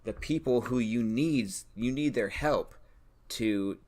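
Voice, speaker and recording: A man co-hosting a podcast, thinking aloud in a hesitant, relaxed way with many restarts as he pitches ideas. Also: takes it slowly, slight background noise. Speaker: podcast co-host. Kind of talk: casual brainstorming chat.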